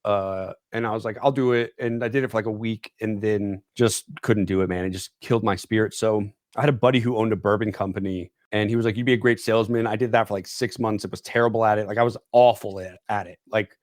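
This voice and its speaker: A man's voice: on the low side, fairly even intonation, quick pace, hardly any pauses, no room sound, studio quality. A young man guesting on a podcast, telling a rambling story and leaning on "like" and "dude". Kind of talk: casual storytelling chat. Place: podcast studio.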